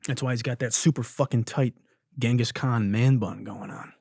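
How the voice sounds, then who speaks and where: A young man runs a comedy podcast, riffing on viral clips with a loose, profane edge and frequent laughter. His voice sits at a middle pitch and comes across close and dry, with no room sound. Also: steady tone, normal speed, gravelly, a little mellow, no echo. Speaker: podcast host. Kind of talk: casual comedic commentary on viral videos.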